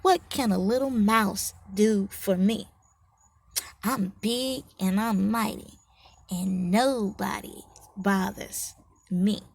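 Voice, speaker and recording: A woman's voice: medium pitch, takes it slowly, creaky, slightly rough, exaggerated voice. A woman voicing a proud, mighty male lion in a storybook fable, boastful and dismissive.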